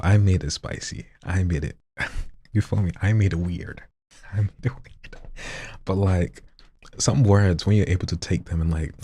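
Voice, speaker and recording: A man hosting a live show, reading submitted poems in a soft near-whisper and chatting loosely between them. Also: extremely low pitch, no echo. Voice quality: husky, breathy. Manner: reads softly in a near-whisper, then chats loosely with slang. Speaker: host reading listener submissions. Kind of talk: live poetry reading with casual commentary.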